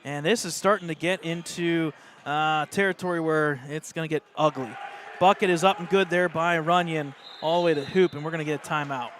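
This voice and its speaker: American guy calling a school hoops game, kinda high voice, faint gym noise behind. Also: fairly quick, some chatter behind. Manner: excitable, partisan, rising pitch on plays. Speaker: play-by-play announcer. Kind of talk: live high school basketball commentary.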